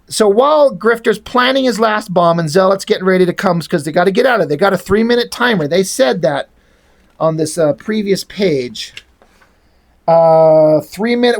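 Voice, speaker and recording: A man's voice: sits high, vocal fry. Rambling, profane male comic reviewer. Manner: rambling, profane, enthusiastic opinions. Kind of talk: casual spoken comic review.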